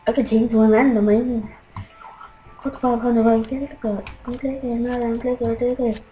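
A young woman commentating her own gameplay, frustrated and trash-talking, with excitable outbursts. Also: on the high side, unhurried, slight background noise, rough recording. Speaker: gaming commentator.

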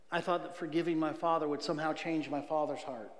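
A middle-aged man giving a church testimony, earnest, swinging from loud outbursts to near whispers. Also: fairly high pitch. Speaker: guest speaker giving testimony. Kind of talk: testimony sermon. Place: church sanctuary. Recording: echoey church hall reverb.

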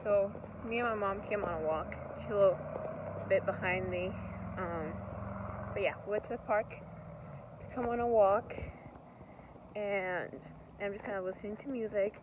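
Young woman vlogger, casual and rambling, mid-pitch, steady background noise. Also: moderate pace, long pauses, phone-quality sound. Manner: chatty, rambling, upbeat. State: slightly out of breath while walking. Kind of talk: casual vlog chat to camera. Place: outdoors in a park at sunset.

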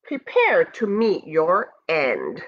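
A big, bragging male bully goat who lingers over every boast, as a woman reading a storybook puts him on. His taunts are slow and swoop up and down. The audio is dull and lo-fi. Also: fairly low pitch, wildly swooping pitch, full character voice. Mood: gloating.

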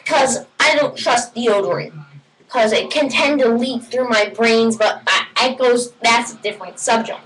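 High-voiced woman rambling through mock advice. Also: measured pace. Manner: rambling deadpan with sudden shouted bursts. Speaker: comedy vlogger. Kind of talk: mock advice comedy monologue. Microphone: computer webcam. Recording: distant webcam mic with faint hiss.

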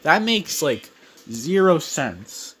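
A man's voice: on the high side, big pitch swings, takes it slowly, fairly bright tone, rough recording. Young man, casual gaming commentary, filler-heavy, jumpy, faint background noise. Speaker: gaming YouTuber. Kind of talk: casual let's-play commentary.

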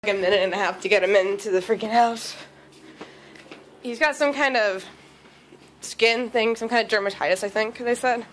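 A woman's voice: on the high side, normal speed, long pauses, a little hiss or hum. A young woman filming a casual home video, chatting and coaxing her dog along. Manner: chatty, coaxing pet talk.

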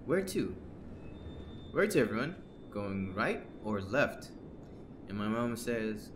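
Throat raw from screaming, this male streamer plays a horror game, nervous and jumpy, gasping and shrieking at scares while joking and rambling to viewers. He speaks slowly with frequent pauses in a lowish voice with big pitch swings, against a noisy background.

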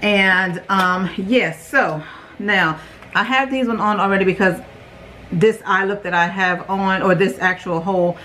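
A woman hosting her beauty channel, reviewing products in a casual, rambling way, speaking loudly and often ending lines with "okay?". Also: medium pitch, unhurried, a little hiss or hum. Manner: loud, self-aware about yelling. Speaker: beauty vlogger host.

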